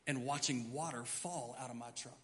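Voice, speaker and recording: A middle-aged man preaching a sermon as pastor, telling a story in an animated way and acting out his own panicked thoughts. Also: medium pitch, normal speed. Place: church sanctuary. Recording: long hall reverb.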